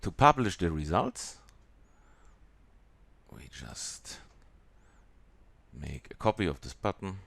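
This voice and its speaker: A man with a German accent walking through a software tutorial in a halting way, with many pauses and fillers. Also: low voice, big pitch swings, gravelly, slight background noise. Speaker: software demonstrator.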